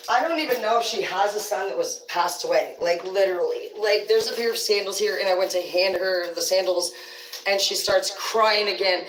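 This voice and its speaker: A woman's voice: mid-range voice, brisk, few pauses, noisy background. A woman hosting a livestream who tells rambling, profane stories in a blunt, casual way. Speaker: livestream host. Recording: roomy sound, distant from the mic.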